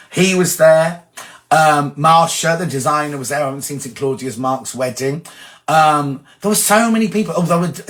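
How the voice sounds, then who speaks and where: A chatty man hosts a relaxed live stream, reading out viewer messages and rambling into gossip. His voice sits a little higher than most men's. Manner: chatty, gossipy, reads comments aloud and rambles into anecdotes. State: sneezing from hay fever. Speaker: host reading viewer comments. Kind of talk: casual live-stream chat.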